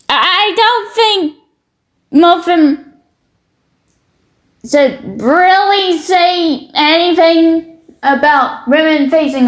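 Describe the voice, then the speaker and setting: A woman with a Canadian-sounding accent talks through social media posts in a high, slow voice. She is blunt and opinionated, and she swears freely. She often trips over repeated words as she begins a thought. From Britain. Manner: halting, repeats words when starting a thought. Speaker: commentary streamer.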